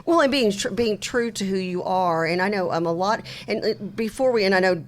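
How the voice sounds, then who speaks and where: A woman co-hosts a casual talk show, praising and drawing out her guest. She speaks in halting bursts, starting her sentences over and over. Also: mid-range voice. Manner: warm, encouraging, halting with restarts. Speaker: co-host.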